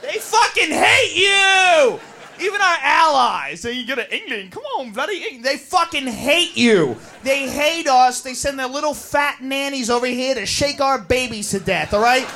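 An American man doing a profane, shouting stand-up rant, recorded live in a comedy club. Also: very high voice, expressive, measured pace. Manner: profane, shouting, mocking voices. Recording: live club with crowd and noise.

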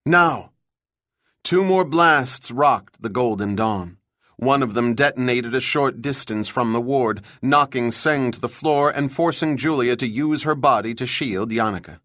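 Measured male audiobook narrator. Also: mid-range voice, no echo, studio quality. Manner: even, measured storytelling. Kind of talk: scripted narration.

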